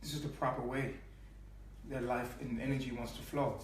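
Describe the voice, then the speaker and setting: A man with a mid-range, fairly flat-pitched voice speaks at normal speed over slight background noise. He's giving an impassioned spiritual teaching in street slang, emphatic, repeating and elongating sounds. The distant mic picks up an echoey room.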